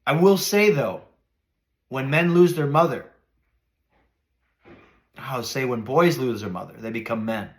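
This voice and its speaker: A middle-aged man hosting a motivational podcast, speaking earnestly and preacherly, dropping to soft reflective lows and rising to emphatic highs. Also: big pitch swings, unhurried, pauses often. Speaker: podcast host.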